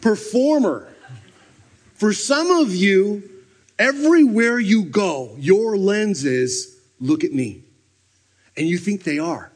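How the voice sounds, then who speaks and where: A man giving a sermon at a retreat, animated, swinging between loud bursts and hushed near-whispers. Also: sits high, slow. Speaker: retreat speaker. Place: retreat meeting room.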